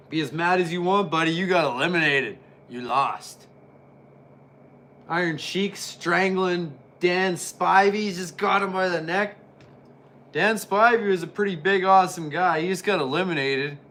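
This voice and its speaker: A man reviews an old wrestling match with casual play-by-play commentary, excitable, jokey, and chatty. His voice is high and his speed normal, with a little hiss or hum in the recording.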